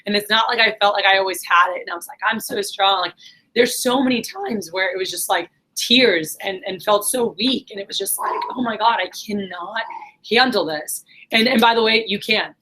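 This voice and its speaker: A woman's voice: mid-range voice, fairly quick, bright, forceful tone, rough recording. A middle-aged woman talking casually and earnestly to her viewers, rambling with many fillers and pep-talk asides. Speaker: vlogger, business manager.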